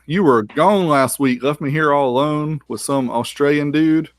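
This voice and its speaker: A man's voice: fairly high pitch, moderate pace, dry recording, studio quality. A man co-hosting a live-streamed interview, upbeat and welcoming as he keeps the show moving. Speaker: podcast co-host.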